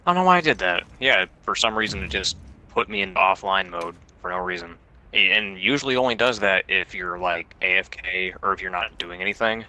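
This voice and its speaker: A man's voice: low voice, a little fast, bright, forceful tone, low-quality recording. A man chatting casually with a streamer as his co-op partner, stammering and repeating words. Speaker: co-op gaming partner on voice chat. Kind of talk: casual chat.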